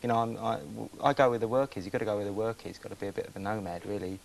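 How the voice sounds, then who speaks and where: A man's voice: lowish voice, fairly even intonation, racing, gravelly, poor audio. A man, a television guest chatting casually in a rambling, self-interrupting way. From England. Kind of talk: casual chat. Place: breakfast TV studio. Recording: faint hiss from old VHS tape.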